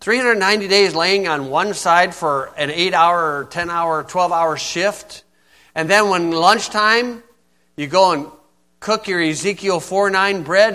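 A man's voice: sits high, animated, moderate pace, pushed and bright. A man preaching an informal sermon in a folksy, blunt way, often asking "okay?".

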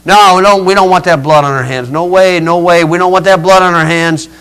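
A male preacher voicing a rough, hotheaded young brother in a retold story, with blunt, folksy talk. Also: sits high, fairly even intonation, a little fast, a bit bright, rough recording. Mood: arguing.

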